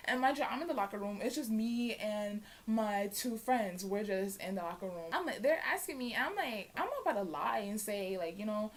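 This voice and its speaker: A young woman vlogger telling a storytime tale in a casual, animated way, acting out the voices of the people in it. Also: medium pitch, moderate pace, few pauses, slight background noise. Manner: animated, acts out quoted voices. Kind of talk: storytime vlog.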